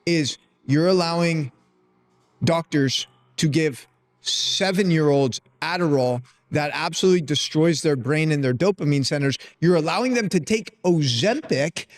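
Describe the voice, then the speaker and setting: A man with a somewhat high voice hosts a podcast conversation. He speaks emphatically and with conviction, and throws in curse words. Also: a little slow. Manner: emphatic and impassioned, swears. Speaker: podcast host.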